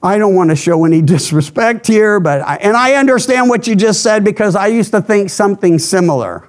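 A middle-aged man giving an earnest, emphatic Bible teaching as a pastor, often restarting his phrases. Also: high voice.

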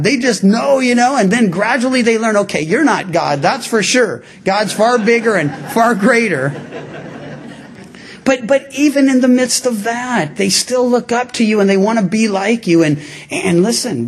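A pastor delivers a sermon in a husky voice. His delivery is animated, with frequent restarts and pauses. His pitch moves widely as he speaks.

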